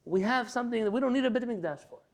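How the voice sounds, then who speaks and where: A man with a high voice leads a class for students in the room, reading Hebrew lines aloud and then translating and explaining them. He teaches in a lively, storytelling way. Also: rapid-fire. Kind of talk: lecture class.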